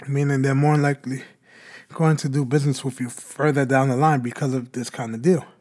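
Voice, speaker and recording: A man's voice: medium pitch, flat delivery, brisk, darkish tone. A man hosting a podcast, explaining in a casual talk and answering his own rhetorical questions. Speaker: podcast host.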